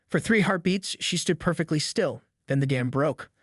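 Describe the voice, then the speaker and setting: Dry, slightly high male narrator. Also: moderate pace, dry recording. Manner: even, descriptive storytelling. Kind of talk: scripted story narration.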